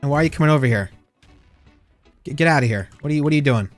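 A man's voice: on the high side, rapid-fire, faint music behind. Playful male gamer trash-talking. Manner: playful trash talk to other players, sudden excited yelps. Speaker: gaming YouTuber. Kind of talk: casual gameplay commentary.

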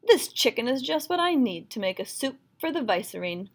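A woman voicing a blustering male palace cook in a storybook reading, exclaiming loudly. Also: on the high side, very animated, normal speed. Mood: exasperated. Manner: loud, exasperated exclaiming.

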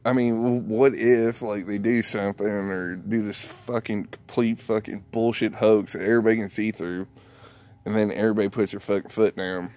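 A man's voice: fairly low pitch, level tone, moderate pace, a little mellow. A man vlogging a casual rant, rambling and profane, often breaking into laughter.

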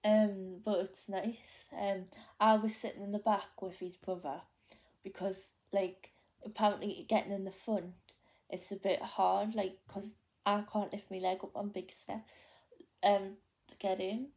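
Young woman, Geordie accent, casual vlog chat, rambling, full of fillers, mellow voice. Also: mid-range voice, flat delivery, measured pace. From North East England. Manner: rambling, many fillers and restarts. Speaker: vlogger. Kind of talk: casual chatty storytelling.

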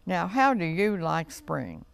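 A man voicing a cheerful, knowing male robin in a children's storybook, who talks in a brisk, amused, explaining way. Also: fairly high pitch, sing-song, creaky, a bit bright, clean tone, no room sound, exaggerated voice.

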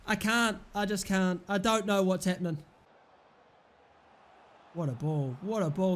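Young male gamer, high bright voice, excitable live gameplay commentary with angry outbursts. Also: measured pace, pauses often. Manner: excitable, frustrated outbursts and shouting at players. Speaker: gaming commentator.

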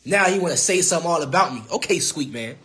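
A man's voice: fairly high pitch, animated, fast talker, pushed and bright. A young man trash-talking rivals on a phone live stream, brash and taunting, often laughing and repeating himself. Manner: brash, taunting, repetitive, laughs mid-sentence. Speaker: boxer on a social media live stream.

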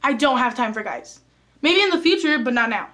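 High-voiced teenage girl telling a story. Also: fairly quick. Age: teens. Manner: chatty, animated retelling of a text exchange; talks straight to viewers as "guys". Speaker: vlogger. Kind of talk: casual storytime vlog.

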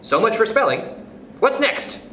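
Guy doing a bossy little mouse teacher, fussy, high and jumpy, echoey room. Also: very animated, moderate pace, pushed and bright, full character voice. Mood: brisk. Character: tiny self-assured mouse playing schoolteacher. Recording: roomy echo, faint noise.

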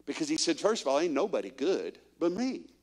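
Speaking fairly quickly with a voice on the high side, a man delivers a guest sermon at a church. He tells stories animatedly and quizzes the congregation with question after question.

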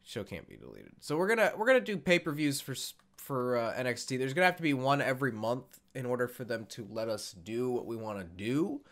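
Rambling, lively young gaming man. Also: medium pitch, fairly quick, few pauses. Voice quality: rambling, self-correcting, casual swearing. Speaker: gaming YouTuber. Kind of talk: casual let's-play commentary.

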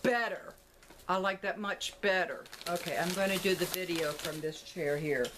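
A woman with a lowish voice talks at a normal speed to a tripod-mounted camera, showing off a shopping haul at home in a room with a closet. She thinks aloud and rambles casually, and there's some background noise.

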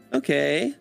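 A man's voice: high voice, gravelly, husky, no room sound. A young man in casual gaming chat, laughing, swearing and rambling through stories. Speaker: gamer.

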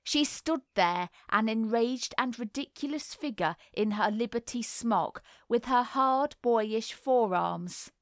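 Slow, deliberate woman narrator. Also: fairly high pitch, lively intonation, no echo, clean studio sound. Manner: measured, deliberate reading. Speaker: audiobook narrator. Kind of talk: scripted literary narration.

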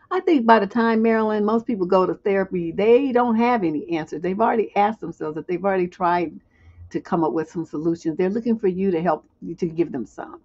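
A woman relationship coach talking casually to a live audience, animated and chatty, acting out little skits. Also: medium pitch. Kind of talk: casual livestream talk. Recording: dull muffled sound.

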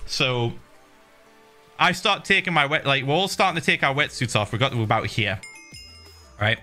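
A man streaming, telling a story in an animated way, swearing and laughing freely. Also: fairly high pitch, moderate pace, pauses often, faint music behind. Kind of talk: animated storytelling to a live chat.

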